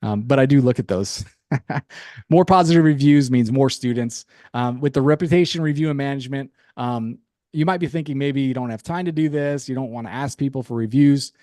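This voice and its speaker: A man presenting a sales pitch on a webinar, upbeat, with light chuckles and casual asides. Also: fairly quick, warm tone, dry recording, clean studio sound.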